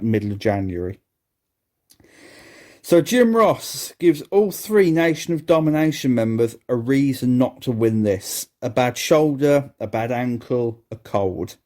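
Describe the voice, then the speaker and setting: Slow, mellow-voiced man doing a sarcastic review. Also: mid-range voice. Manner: sarcastic, laughs at what he describes. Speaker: podcast host. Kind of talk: solo wrestling review podcast.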